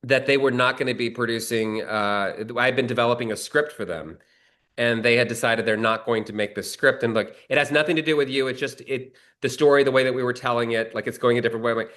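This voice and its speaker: Bright-voiced man telling a story. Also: medium pitch, quick pace. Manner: animated storyteller, acts out quoted dialogue in a raised voice. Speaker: screenwriter and actor, guest. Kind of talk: casual interview storytelling.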